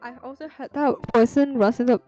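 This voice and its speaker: A woman's voice: fairly high pitch, fairly even intonation, fairly quick, a little mellow. A young woman streamer reading a story game's text aloud, breaking in with blunt, swearing asides. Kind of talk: reading a visual novel aloud with commentary. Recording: slightly dull stream audio with faint music.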